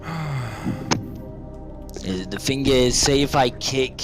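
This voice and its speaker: A man's voice: mid-range voice, takes it slowly. Hesitant man. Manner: hesitant, slangy, evasive. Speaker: podcast contestant. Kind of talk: casual chat. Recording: faint music underneath.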